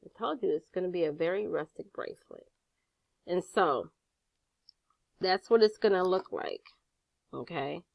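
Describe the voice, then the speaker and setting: A woman's voice: on the low side, animated, moderate pace, vocal fry, pauses often, a little mellow, no room sound. A woman with a grandson, sassy and chatty, walks viewers step by step through a craft tutorial and swears casually. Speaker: jewelry-making instructor.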